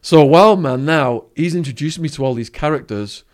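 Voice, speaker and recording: A man's voice: a little high, normal speed. A man with an English accent, a podcast guest telling a vivid story and acting out the voices of the people in it. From England. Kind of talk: storytelling interview.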